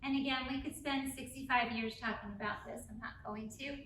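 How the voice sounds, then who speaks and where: A woman with a high, bright voice speaks energetically to a live audience about parenting, often checking in with "right?". The sound is roomy and a little distant, with faint room noise behind her. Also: fairly even intonation, a little fast. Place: school auditorium. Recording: echoey room, mic from a distance.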